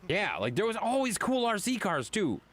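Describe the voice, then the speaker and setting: A man's voice: sits high, huge pitch swings, normal speed, a crowd in the background. A man streaming a game, chatting loosely with viewers, swearing and laughing often. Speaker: gaming streamer. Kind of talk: casual chat while playing.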